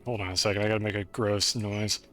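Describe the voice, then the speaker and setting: A man's voice: fairly low pitch, level tone, fast talker, a bit bright, soft background music. A man streaming a game, chatting casually with his viewers in a rambling, self-deprecating way. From United States. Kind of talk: casual live-stream chat while playing.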